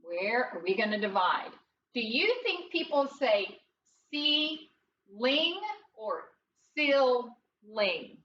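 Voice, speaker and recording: A woman's voice: on the high side, sharp tone, recorded from a distance. A woman teaching a first grade phonics lesson in a patient, sing-song teacher voice, asking the class questions and answering them herself. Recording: dull roomy sound from away from the mic with faint noise.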